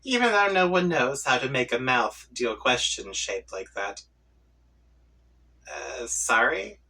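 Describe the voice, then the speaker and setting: Man reading a comic aloud slow, bright-voiced and playful. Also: medium pitch, big pitch swings, gravelly, slightly rough, far from the mic, low-quality recording. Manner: playful, reads chat lines in voices and laughs along. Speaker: comic reading channel host. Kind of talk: reading a webcomic aloud with reactions.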